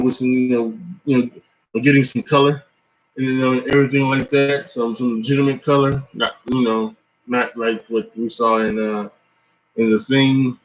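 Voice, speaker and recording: A man's voice: mid-range voice, low-quality recording. Man, tired, rambling, lots of fillers, casual wrestling reaction, mid-range voice. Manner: rambling, many restarts and fillers. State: tired, yawning. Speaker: wrestling commentator.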